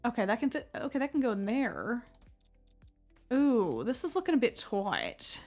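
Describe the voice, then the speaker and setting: Chatty high-voiced woman streamer. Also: moderate pace, faint music behind. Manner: chatty, excitable, swears casually, gets loud when surprised. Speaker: gaming streamer. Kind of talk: casual live-stream commentary.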